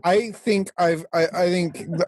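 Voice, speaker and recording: A man's voice: high-pitched, steady tone, a little slow, darkish tone, dry recording. A man co-hosting a casual podcast, talking enthusiastically and quoting a film. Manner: enthusiastic, says dude, quotes movie lines. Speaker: podcast co-host. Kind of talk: casual chat.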